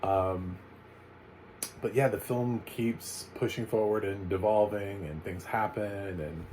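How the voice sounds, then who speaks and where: An American man giving a casual, chatty spoken film review, full of animated asides and fillers. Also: lowish voice, takes it slowly, slight background noise, poor audio. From United States. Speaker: movie reviewer.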